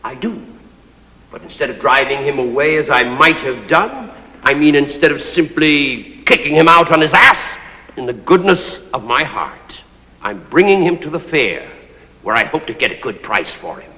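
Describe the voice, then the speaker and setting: An actor playing a pompous, cruel old master who holds forth theatrically in a declamatory manner. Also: male voice, medium pitch, animated, normal speed, pushed and bright. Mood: scornful. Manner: grandiose, mocking, declamatory. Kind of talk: stage play performance. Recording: echoey hall with long reverb.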